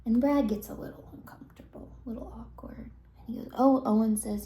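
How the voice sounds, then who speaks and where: A woman telling a rambling story, halting, full of fillers and restarts, sometimes dropping into half-whispers. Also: a little high, dark tone. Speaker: storyteller recounting a dream. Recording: roomy echo.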